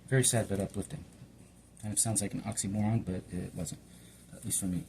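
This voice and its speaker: A man's voice: lowish voice, steady tone, fairly quick, creaky, noisy background. A middle-aged man from Hawaii chatting in a meandering, casual way while cooking, talking to himself as he works. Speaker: home cook and channel host. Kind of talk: rambling casual cooking vlog.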